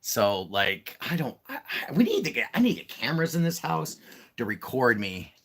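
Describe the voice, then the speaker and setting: A man's voice: medium pitch, huge pitch swings, normal speed, a bit bright. A man casually chatting on a comics livestream, rambling through stories and talking to his cat. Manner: rambling, talks baby-talk to his cat. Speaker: podcast co-host.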